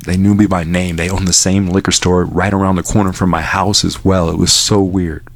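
A man with a fairly low voice speaks from a radio station studio. He tells a personal story openly, the way a DJ talks to listeners. He raises his pitch when he acts out what people said. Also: level tone, brisk, dry recording. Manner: candid storytelling, acts out dialogue with lifted pitch.

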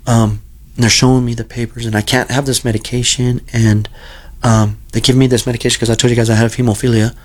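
A man's voice: medium pitch, flat delivery, quick pace. A middle-aged man telling a long personal story in an earnest, rambling way, often repeating himself. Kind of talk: casual storytelling.

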